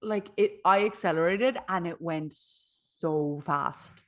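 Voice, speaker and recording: Podcast co-host: young woman, slightly low voice, lively storyteller. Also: slow pace. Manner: animated storytelling, laughing often. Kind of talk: casual chat.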